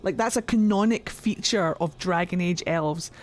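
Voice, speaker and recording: A woman's voice: on the low side, normal speed. A woman streaming a game, chatting in a goofy, rambling way to her viewers. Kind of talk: casual gameplay commentary. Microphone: desk microphone.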